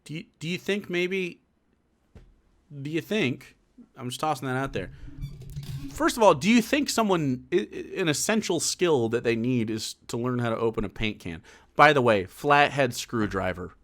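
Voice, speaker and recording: A man's voice: medium pitch, animated, moderate pace, a bit bright. A man streaming political commentary, talking casually with rambling restarts, fillers and swearing. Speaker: streamer reacting to a clip.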